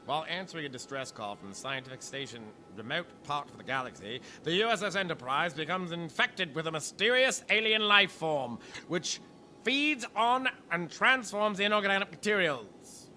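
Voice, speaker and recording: A man reading a book's back-cover blurb aloud in a plain, even delivery. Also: a little high, moderate pace, slight background noise.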